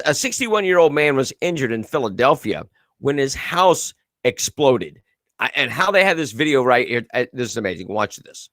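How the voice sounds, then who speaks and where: A man's voice: medium pitch, a bit bright, dry recording, studio quality. A man hosting a casual live commentary show, reading viewer comments and news aloud with a sarcastic edge. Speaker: host.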